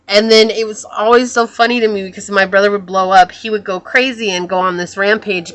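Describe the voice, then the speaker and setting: A woman giving a pick-a-card tarot reading in a musing, soft-spoken way, often trailing off and correcting herself. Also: medium pitch. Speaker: tarot reader.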